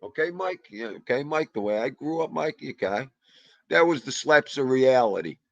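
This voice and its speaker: A man hosting a livestream, rambling excitably and greeting viewers by name. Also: medium pitch, normal speed, dry recording, lo-fi sound. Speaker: livestream host. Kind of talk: casual chat.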